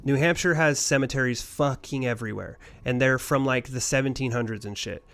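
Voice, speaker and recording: A man's voice: mid-range voice, a little fast, vocal fry, a bit bright. A man co-hosting a casual podcast, telling a rambling ghost story full of swearing. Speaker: podcast co-host.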